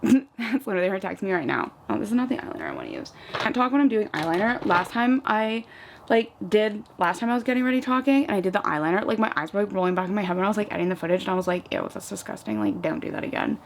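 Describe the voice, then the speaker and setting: Talking very fast at medium pitch, with a little hiss or hum in the audio, a young East Coast woman does her makeup at home. The vlogger keeps up a chatty get-ready-with-me conversation, saying "like" constantly and retelling moments with animation.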